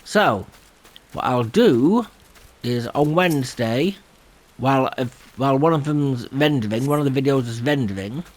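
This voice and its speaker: A man's voice: medium pitch, lively intonation, a little slow. A man hosting a gameplay video, rambling and self-deprecating and laughing often. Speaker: gaming channel host. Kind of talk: casual gameplay commentary.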